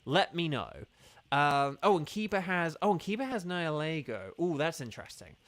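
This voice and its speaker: A man's voice: a little high, sing-song, moderate pace, fairly bright tone, no echo. A man chatting casually with viewers during a live game stream, rambling and organizing who plays next.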